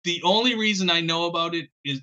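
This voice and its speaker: A male author chatting on a podcast with a bright, forceful voice. He talks candidly and jokes at his own expense, often stumbling and restarting his sentences. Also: fairly high pitch, highs cut off. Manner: candid, self-deprecating, halting restarts. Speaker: author guest. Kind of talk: casual podcast interview.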